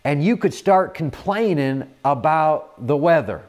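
Earnest man preaching, slightly high voice. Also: animated, a little slow, darkish tone. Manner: earnest, repeats words, many "uh" fillers. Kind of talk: sermon.

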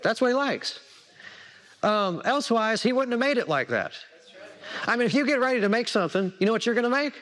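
A man's voice: extremely high pitch, animated, fairly quick, a bit bright. A man preaching a sermon, repeating words for emphasis and asking the congregation questions. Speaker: pastor.

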